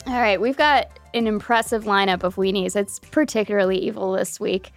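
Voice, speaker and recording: A woman's voice: mid-range voice, dry recording. A woman co-hosting a podcast, discussing the news in a blunt, casual way and swearing freely. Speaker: podcast co-host and reporter.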